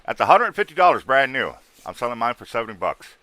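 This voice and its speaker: Blunt lively man selling gear on stream. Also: medium pitch, fast. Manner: rough-spoken, blunt, salesman patter with sound-effect noises. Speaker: livestream host selling ghost hunting gear. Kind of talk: casual livestream sales chat.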